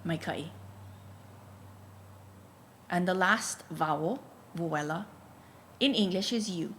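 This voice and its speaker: A woman's voice: lowish voice, slow pace, fairly bright tone, a little hiss or hum. A woman teaching a Hawaiian pronunciation lesson, patiently spelling out each letter and telling learners to write it down. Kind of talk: slow, deliberate language lesson.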